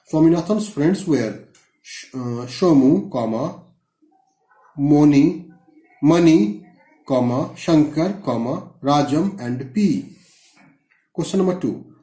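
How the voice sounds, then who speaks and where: A man from India teaches a class, dictating each answer slowly and naming every comma and full stop. His voice sits a little high and sounds mellow. The room around him is echoey. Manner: dictates slowly, spells out words letter by letter. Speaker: school English teacher. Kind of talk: dictating lesson answers, reading punctuation aloud.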